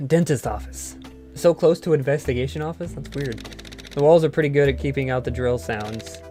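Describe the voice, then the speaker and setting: Guy doing a dry hard-boiled ghost detective, middle pitch, little game music behind. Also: a little fast, dark tone, lightly acted. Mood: wry.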